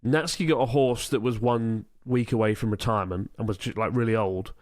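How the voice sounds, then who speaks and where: A man's voice: lowish voice, steady tone, a little fast, a little mellow, dry recording, studio quality. A man co-hosting a podcast, chatting casually and telling anecdotes in a loose, conversational way. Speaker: podcast co-host. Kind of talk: casual chat.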